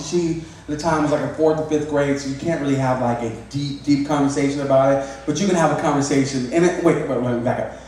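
A man in his thirties preaches a sermon, his voice a touch high and full of repeated, restarted phrases. The sound comes from some distance, with heavy echo in a hall and faint background hiss. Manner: repeats words, restarts often, animated. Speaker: pastor. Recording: echoey hall, mic from far off.

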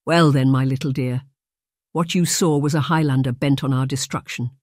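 A narrator doing a gruff Scottish laird. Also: medium pitch, steady tone, normal speed, darkish tone, dry recording, studio quality, close to an everyday voice. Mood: angry. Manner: gruff, bellowing, scornful. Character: drunken, bitter Scottish laird, middle-aged man.

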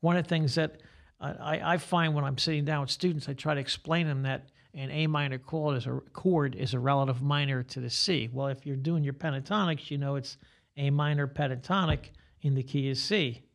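An older man, a guitar teacher, talking in a relaxed podcast chat and rambling through examples as he explains. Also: fairly high pitch, a little fast, vocal fry. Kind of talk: casual podcast conversation.

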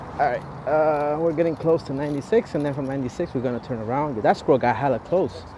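A man doing a casual live walking vlog while playing a mobile game, chatty and profane, with loud exasperated outbursts. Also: fairly high pitch, quick pace. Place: outdoors on a city street, walking. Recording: noisy city street, traffic behind.

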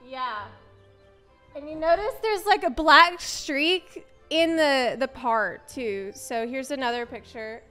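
Woman streamer with a high voice telling a story, animated, keeps laughing and doing the quotes. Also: slow pace, faint music behind. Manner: animated, laughs often, acts out quoted dialogue. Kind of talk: casual storytelling chat.

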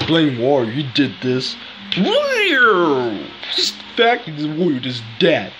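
A woman's voice: deep voice, huge pitch swings, slow pace, fairly bright tone. A woman in playful banter, teasing and goofing around with silly chanted noises. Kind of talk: playful banter over toys. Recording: muffled lo-fi with faint hiss.

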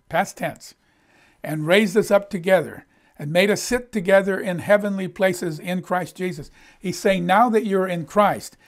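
A middle-aged male pastor preaching a sermon in an emphatic, conversational way. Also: high voice.

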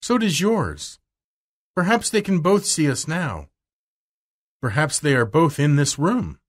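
A man doing a gentle soothing little girl. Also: fairly high pitch, sing-song, takes it slowly, pitched above the performer's own voice, heavily acted. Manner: soft, soothing half whisper. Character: gentle kind young girl.

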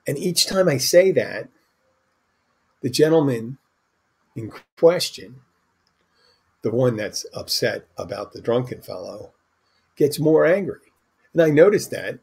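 A man's voice: medium pitch, lively intonation, unhurried, gravelly, long pauses, a little mellow, breathy edge. A man hosting a podcast, telling a bartending story in a rambling, anecdotal way with restarts and asides. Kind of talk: casual storytelling monologue.

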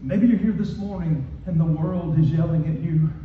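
A male pastor preaching a sermon with emphatic repetition, moving from raised, shouted lines to soft ones. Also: fairly high pitch, moderate pace, slight background noise. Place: church hall. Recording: echoey hall from far off, dull.

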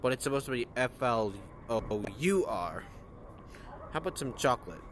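A man's voice: mid-range voice, sing-song, normal speed, a bit bright, slight background noise. A man sarcastically reacting to a VR game. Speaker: gameplay streamer. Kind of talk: casual gameplay commentary.

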